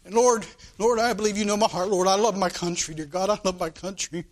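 A man's voice: high voice, fairly even intonation, a little fast. A man, a pastor, praying aloud from the pulpit in a fervent church service, punctuating his phrases with repeated calls to the Lord. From United States. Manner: repetitive, calling "Lord" and "dear God" between phrases. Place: church sanctuary.

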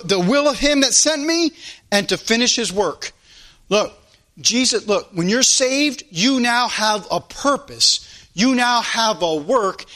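Male preacher, high bright voice, church sermon that swings between loud and quiet. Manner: preaching with sudden rises and drops in loudness. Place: church service.

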